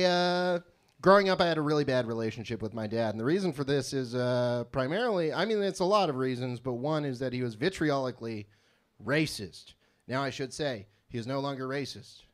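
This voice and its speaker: Deadpan stand-up comedian, rambling. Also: male voice, medium pitch. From California. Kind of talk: live stand-up set. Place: small live venue with audience.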